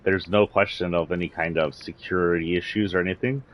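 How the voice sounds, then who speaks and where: A man's voice: low-pitched, steady tone, fairly quick, poor audio. A man from Texas with a slight Southern accent, delivering a blunt, indignant political rant on a livestream, swearing freely. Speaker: political commentator.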